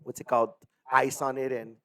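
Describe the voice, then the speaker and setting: A man's voice: medium pitch, little pitch movement, fairly quick, a bit bright. A man and coach telling long casual stories, rambling with lots of filler words. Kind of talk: casual storytelling.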